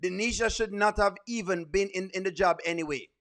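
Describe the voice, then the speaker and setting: Emphatic high-voiced male reaction host. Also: a little fast, a bit bright. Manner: emphatic, repetitive scolding. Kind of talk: reaction commentary.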